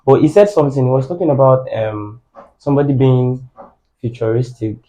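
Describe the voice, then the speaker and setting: A man's voice: mid-range voice, a little fast, mellow, muffled recording. A man explaining his view step by step in a casual podcast chat.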